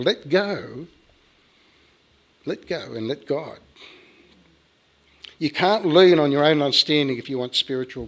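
A man's voice: fairly high pitch, fairly bright tone. A male pastor preaching a sermon in a folksy way, often calling his listeners folks and chuckling.

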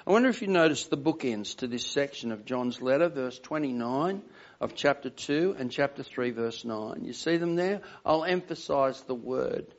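A man's voice: medium pitch, lively intonation, moderate pace. An older man preaching a sermon in an earnest, emphatic way, often putting questions to the congregation. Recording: dull lo-fi sound.

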